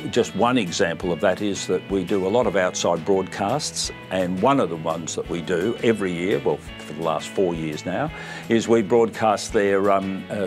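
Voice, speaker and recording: A man, speaking for a community radio station in a proud, measured interview manner. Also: sits low. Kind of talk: casual interview.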